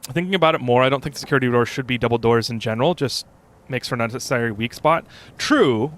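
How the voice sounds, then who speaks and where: Young male streamer, casual, rambling, chatty with chat. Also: medium pitch. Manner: rambling, chatty, reads chat aloud, frequent fillers. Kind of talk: casual gameplay commentary.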